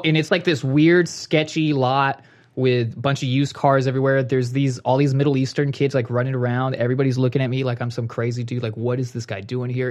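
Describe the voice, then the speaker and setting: A man in a casual chat rambling through a long story. He keeps restarting his sentences and slips into acted-out lines of dialogue. His voice sits at a middling pitch.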